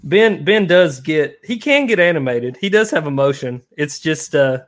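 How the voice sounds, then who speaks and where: Man, fairly high voice, casual host, animated storyteller. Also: moderate pace. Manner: rambling, laughs often, animated storyteller. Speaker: live stream host. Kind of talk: casual chat.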